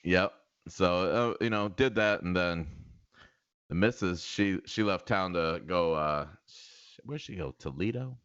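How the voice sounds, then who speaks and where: A man's voice: sits low, a little slow, clean tone, no room sound, dull audio. A man co-hosting a casual podcast, telling stories with lots of laughter and repeated words. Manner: animated storyteller, laughs often, repeats himself. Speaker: podcast co-host. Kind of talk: casual chat.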